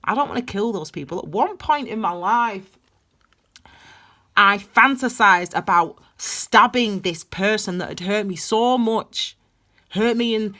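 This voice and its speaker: A woman giving a passionate, blunt tarot reading that swings between loud emphasis and hushed intensity. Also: medium pitch. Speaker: tarot reader. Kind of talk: intuitive tarot reading, spiritual pep talk.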